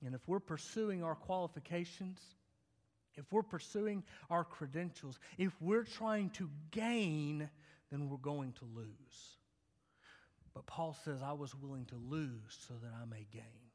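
A young adult male pastor preaching a sermon, swinging between loud emphatic lines and quiet, intimate asides with humorous personal stories. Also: fairly high pitch, measured pace. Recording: long hall reverb.

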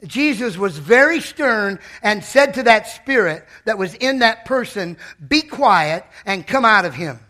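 Fired-up preacher guy in church, high-ish voice, bright and punchy, yells out bits of the sermon. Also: expressive, a little slow, hardly any pauses. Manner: impassioned preaching with sudden loud shouted bursts.

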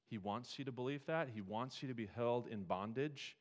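A male pastor delivering a sermon from the pulpit. He talks in a conversational, questioning way, often pitching up and getting louder when he presses a point. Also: moderate pace. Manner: conversational preaching with rhetorical questions and rising emphasis.

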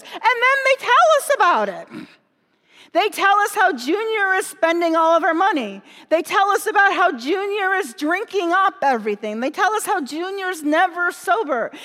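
A woman retelling a parable as a first-person story, in an animated, emotional way. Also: very high-pitched. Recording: long hall reverb.

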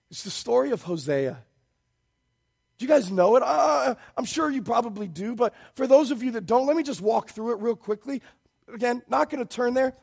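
A man in his thirties delivers a sermon from the pulpit. His voice sits very high, with a gravelly edge. He moves between soft, hushed pleading and sudden loud emphasis. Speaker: pastor.

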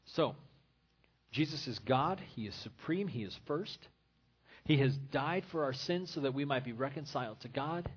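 A man's voice: fairly high pitch, expressive, moderate pace, breathy edge, highs cut off. A man pastor preaching a sermon in an earnest, repetitive style. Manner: earnest preaching with repeated phrases.

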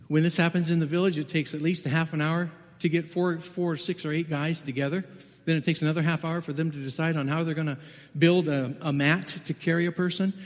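A man telling a personal testimony as a Bible translator, halting and repeating words, then growing urgent and loud at the tense parts. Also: on the high side, long reverb tail.

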